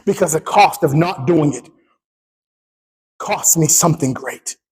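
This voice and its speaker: A man in his thirties, a pastor preaching a sermon, who swings from quiet talk to shouting and acts out the dialogue in his stories. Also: a little high, a little slow, husky, low-quality recording.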